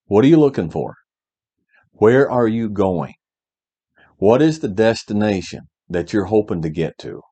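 A man's voice: fairly low pitch, lively intonation, measured pace, pauses often, warm tone. A middle-aged man giving a motivational talk to young men, emphatic, repeating key phrases and checking in with "all right?". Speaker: podcast host giving life advice.

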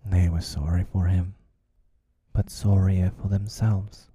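Man narrator, whispered role-play storybook, slow and husky, dry close sound. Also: low-pitched, little pitch movement, no room sound. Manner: slow, hushed reading.

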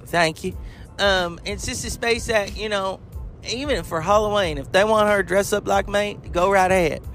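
A man's voice: sits high, normal speed, a bit bright, faint music behind. A man doing an impression of a folksy older woman country singer who calls everyone honey and baby. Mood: folksy, sweet. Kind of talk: comic impression interview.

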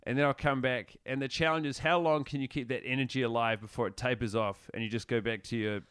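Dry, smooth-voiced man riffing. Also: medium pitch, steady tone, fast talker, fairly bright tone, no room sound. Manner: profane, wry, riffing. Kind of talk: casual chat.

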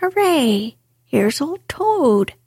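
Whispered role-play, bouncy excited mole done by a lady, higher and breathy. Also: slow, dry recording, clean studio sound, exaggerated voice. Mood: delighted. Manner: eager and gushing. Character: cheerful excitable male mole.

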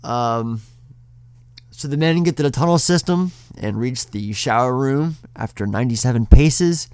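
A man's voice: mid-range voice, unhurried, darkish tone, clean tone, no echo. A man co-hosting a podcast, casually retelling a film scene by scene with plenty of swearing. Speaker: podcast co-host. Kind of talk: casual film-review chat.

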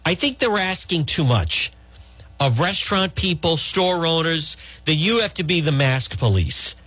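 Husky-voiced, animated male talk radio host. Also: fairly high pitch, a little slow, no echo. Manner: blunt, animated, rambling with restarts. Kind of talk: opinionated political talk radio.

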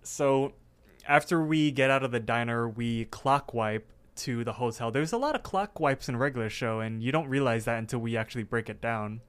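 A man's voice: mid-range voice, normal speed, fairly bright tone, smooth. A man co-hosting a casual podcast, retelling cartoon scenes with lots of fillers. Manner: recaps scenes with many fillers. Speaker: podcast co-host.

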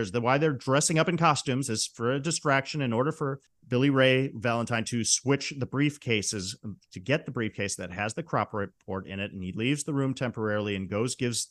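Man, podcast host, casual film recap, amused, chatty, mid-pitched voice. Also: a bit bright. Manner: chatty, amused retelling with brief quoted impressions.

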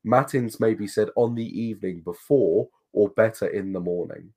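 Man, low voice, chatty co-host, emphatic advice-giver. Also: normal speed, a little mellow. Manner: thoughtful, reads aloud from books, emphatic advice. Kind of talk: casual chat.

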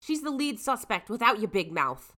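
Snarky teen boy, wry and dismissive, bright-toned, read casually by a woman podcaster. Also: a little high, big pitch swings, moderate pace. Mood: sarcastic. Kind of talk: casual read-through of a scene.

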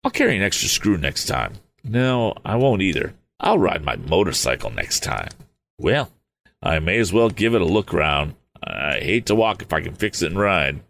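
A man reading aloud and voicing an eager, cheerful young male inventor in a storybook, with brisk, exclamatory lines. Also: low voice, big pitch swings, creaky, a bit bright, full character voice. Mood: frustrated.

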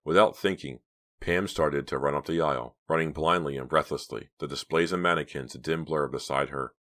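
A man narrating an audiobook in a quiet, steady reading voice. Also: very deep voice, brisk. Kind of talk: scripted narration.

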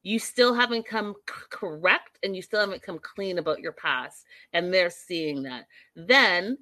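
A woman talks straight to her viewers, recapping a reality show with blunt, exasperated commentary and plenty of swearing. Her voice is bright and forceful, with a close, dry sound and no room echo. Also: on the low side, expressive, measured pace. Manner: acts out quoted people with sudden loud bursts. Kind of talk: casual recap chat to viewers.

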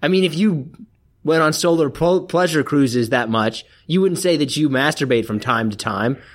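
A man's voice: fairly high pitch, moderate pace. A man co-hosting a podcast in casual chat, blunt and teasing. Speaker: podcast co-host.

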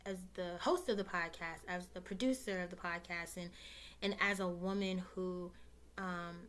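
A woman's voice: on the low side, steady tone, moderate pace. Young woman podcast host, casual and heartfelt, near tears, talks right to her listeners. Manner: emotional, close to tears, talks warmly and directly to listeners with many fillers.

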